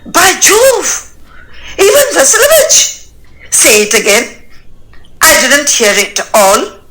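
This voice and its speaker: An effusive older male landowner from a stage play, as a woman reads the part. He rambles, tacks "and so on" onto his sentences and showers his guest with endearments. The voice is high and animated, slow-paced and bright. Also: a little hiss or hum, full character voice, rough recording. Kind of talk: dramatic reading of a stage play.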